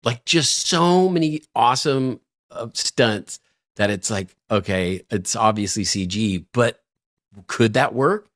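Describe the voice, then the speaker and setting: A middle-aged man co-hosting a podcast, telling stories in an animated way and laughing often. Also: lowish voice, a little slow, no room sound, studio quality. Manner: animated storyteller, laughs a lot. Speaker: podcast co-host. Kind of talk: casual podcast chat.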